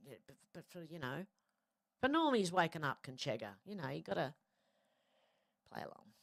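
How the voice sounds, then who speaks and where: A woman's voice: deep voice, sing-song, moderate pace, vocal fry, no echo, clean studio sound. An Australian woman hosting a livestream, chatting casually as she reads viewer comments aloud. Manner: chatty, reads chat aloud with frequent fillers. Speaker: livestream host. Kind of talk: casual chat reading live comments.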